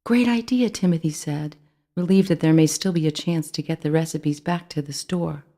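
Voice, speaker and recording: Author narrating own children's book, steady read-aloud pace, clear storytelling, middle pitch. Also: normal speed.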